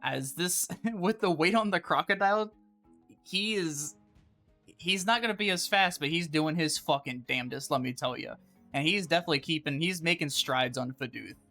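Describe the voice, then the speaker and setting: A man with a bright, slightly high voice narrates as game master. He swears loosely and laughs between lines, with faint music in the background. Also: normal speed.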